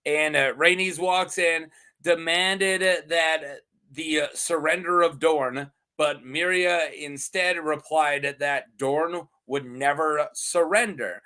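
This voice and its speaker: A man's voice: fairly high pitch, fairly even intonation, takes it slowly, bright, forceful tone. A man hosting a lore channel, chatting casually and animatedly, rambling and laughing often.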